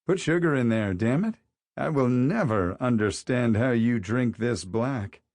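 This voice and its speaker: A man's voice: mid-range voice, expressive, a little slow, darkish tone, no echo, studio quality. A man voicing a wisecracking, teasing male teacher in an audiobook, with a mocking, joking delivery. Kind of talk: audiobook character voice.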